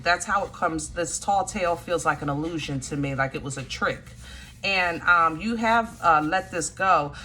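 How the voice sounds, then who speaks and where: A woman's voice: fairly low pitch, pushed and bright, breathy edge. A woman giving a casual, chatty tarot reading and speaking straight to her viewers, with plenty of colloquial asides. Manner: chatty, colloquial, addresses viewers directly with frequent "you know". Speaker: tarot reader.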